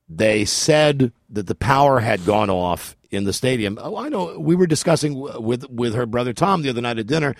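A man's voice: lowish voice, no echo, clean studio sound. A male radio host chatting casually and telling a joking story.

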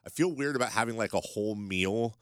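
A man co-hosting a casual morning radio show, talking in a lowish voice and often tripping over the starts of his sentences. His speech sounds dry and close to the mic, with no room sound at all. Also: fairly quick, a bit bright, clear, resonant tone, dry recording. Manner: chatty, self-deprecating, hesitant restarts.

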